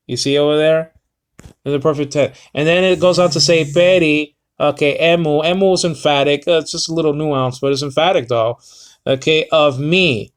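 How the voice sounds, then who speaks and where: Man teaching scripture casually, halting and filler-heavy, slightly higher voice, stops to sound out Greek words. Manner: halting, many fillers, reading aloud slowly. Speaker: Bible teacher. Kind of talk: casual Bible lesson.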